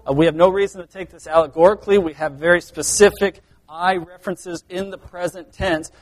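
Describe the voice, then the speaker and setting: A man preaching a sermon, earnest, swinging between loud emphasis and quiet asides. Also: a little high, dry recording. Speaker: pastor.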